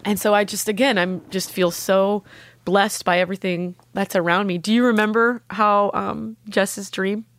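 A woman, a podcast guest, telling a deeply personal story in an earnest, heartfelt way and with strong conviction. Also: steady tone, normal speed, fairly bright tone, dry recording.

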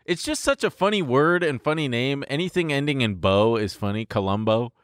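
A man's voice: mid-range voice, lively intonation, brisk, no echo, studio quality. A man co-hosting a podcast in loose, joking chat, laughing often and swearing freely. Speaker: podcast co-host. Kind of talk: casual comedic chat.

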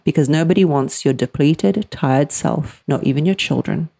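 Direct woman with a gravelly edge. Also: deep voice, a little fast, hardly any pauses, warm tone. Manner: direct, emphatic, acts out quoted people. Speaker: podcast host answering listener questions. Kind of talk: direct advice talk.

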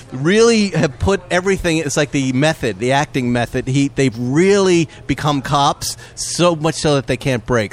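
A man on a podcast, telling stories in a lively, profane way and laughing as he goes. His voice sits a little high for a man. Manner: animated storyteller, profane, laughs often. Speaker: podcast co-host. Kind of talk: casual chat. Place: breakfast nook of a restaurant.

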